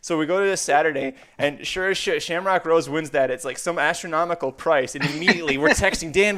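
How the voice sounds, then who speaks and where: A man's voice: fairly high pitch, fairly quick, few pauses, a bit bright. A man co-hosting a podcast, recalling a favorite trip in an easygoing, rambling way. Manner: easygoing, rambling recollection with fillers. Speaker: podcast co-host. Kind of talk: casual chat recounting a memory.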